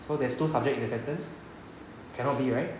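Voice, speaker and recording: A man's voice: mid-range voice, fairly even intonation, fast, echoey room, slight background noise, low-quality recording. A man with a Singaporean English accent, teaching a Japanese class and explaining patiently, often checking with "right?". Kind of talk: classroom lecture.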